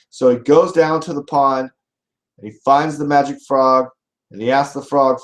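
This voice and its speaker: Guy host rambling through a dirty joke, swears a lot, normal pitch. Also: fairly even intonation, normal speed, low-quality recording. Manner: loose, rambling, profane joke-telling. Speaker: show host. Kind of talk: comic storytelling.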